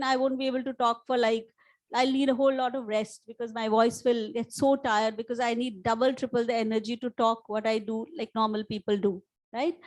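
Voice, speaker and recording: A middle-aged woman with an Indian English accent speaks in a high voice with a slight huskiness. She tells her story earnestly to a live audience, leaning hard into the key points of her motivational talk. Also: poor audio. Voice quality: slightly husky after vocal cord damage. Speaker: life coach. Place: conference hall before a live audience.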